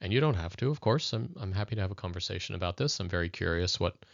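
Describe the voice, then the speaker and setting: Deep-voiced man giving a reflective lesson. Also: expressive, fast talker, vocal fry, no echo. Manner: thoughtful, addresses viewers directly. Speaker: educator. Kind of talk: conversational video lesson. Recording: dull lo-fi dry recording.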